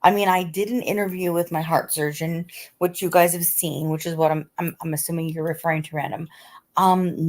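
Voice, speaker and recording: A woman's voice: lowish voice, fairly even intonation, a little fast. A middle-aged woman hosting a casual live stream, talking in a chatty way, repeating herself and reading out viewer comments. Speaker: livestream host.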